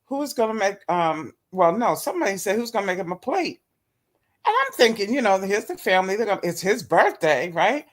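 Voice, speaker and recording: A woman's voice: medium pitch, sing-song, fairly quick. A woman telling a personal story in casual chat, acting out both sides of the conversation and laughing often. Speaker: guest.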